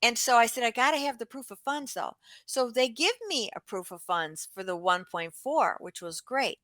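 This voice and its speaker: Chatty, bright-voiced woman telling a story. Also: fairly high pitch, normal speed, no echo. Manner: chatty, lively, acts out dialogue with quoted voices. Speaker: real estate agent, guest. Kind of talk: animated storytelling in an interview.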